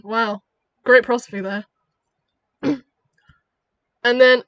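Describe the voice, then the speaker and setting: A young woman rambles in a casual, giggly way. Her voice is high and bright, with a sharp, forward sound. The recording is close and dry. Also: a little slow, long pauses, smooth, no room sound. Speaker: creator of the channel. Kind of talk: casual chatty commentary. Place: her bedroom.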